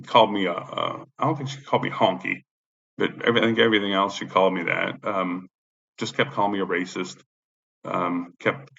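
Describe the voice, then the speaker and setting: A man's voice: low voice, creaky, fairly bright tone, a little hiss or hum. A man telling a story about a confrontation with a neighbor, in a heated, profane, casual rant. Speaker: veteran telling his story. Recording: lo-fi dull sound.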